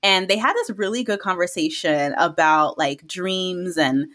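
A woman hosting a podcast, chatting casually as she recaps a drama, gushing and laughing and acting out scenes in high squeals. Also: unhurried, fairly bright tone. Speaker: podcast host.

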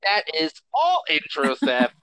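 A man voicing a pompous male alien envoy who speaks in slow, stiff, formal phrases. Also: on the high side, huge pitch swings, pushed and bright, slight background noise, full character voice.

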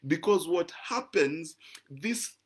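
A man's voice: a little high, lively intonation, slow. A man, preaching a teaching sermon in an emphatic, conversational way and often checking in with "right?". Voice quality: croaky voice. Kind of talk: teaching sermon to a live-stream audience.

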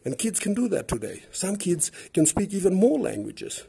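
A man's voice: high-pitched, very animated, normal speed, gravelly, warm tone, slightly rough. A man from Papua New Guinea with a Papua New Guinean English accent, hosting a podcast and speaking in an earnest, impassioned way, repeating words and building up lists. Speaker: podcast host. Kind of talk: earnest advocacy podcast monologue.

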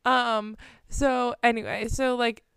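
Woman in her 30s, casual storyteller, fairly high voice, dry close sound, lively and laughing. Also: takes it slowly, clean tone, no echo. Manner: animated, laughs often, acts out her child's lines. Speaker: parent telling a story.

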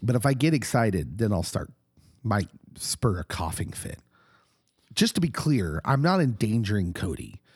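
A middle-aged man who co-hosts a podcast, talking casually while hoarse and husky from a recent illness, animated and laughing often. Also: fairly low pitch, normal speed, no echo, studio quality. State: hoarse, getting over an illness. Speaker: podcast co-host, pastor.

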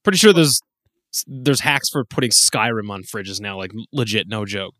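A man's voice: lowish voice, lively intonation, moderate pace, bright, forceful tone, dry recording, clean studio sound. A man co-hosting a casual gaming chat, laughing often and swearing freely. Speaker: podcast co-host.

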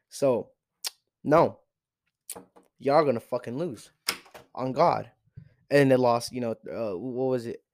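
A man's voice: mid-range voice, a little mellow, no room sound. A teenage boy hosting a podcast, ranting in an exasperated, profane way with lots of repeated rhetorical questions. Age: teens. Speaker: podcast host. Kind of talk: solo sports rant.

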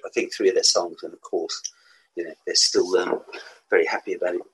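Speaking a little fast in a deep, slightly rough voice with little pitch movement, an English man in his sixties tells rambling, casual stories full of laughs and restarts. He is a musician guest with a West Midlands accent, captured on a low-quality recording.

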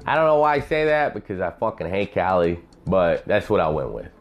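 A man's voice: low voice, sing-song, a little fast, lo-fi sound. A man hosting a podcast, telling profane stories in a rambling, casual monologue. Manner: profane, rambling storyteller, acts out voices. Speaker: podcast host.

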